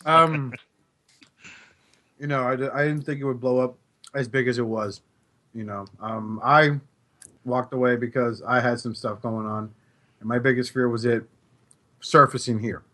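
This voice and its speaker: A man's voice: medium pitch, fairly even intonation, normal speed, fairly bright tone. A man co-hosting a casual podcast, laid-back and teasing, with fillers. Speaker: podcast co-host.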